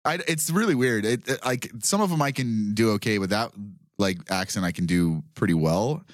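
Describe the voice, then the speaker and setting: A man's voice: lowish voice, lively intonation, moderate pace, no echo, clean studio sound. A man in crude, casual podcast banter, laughing and joking a lot.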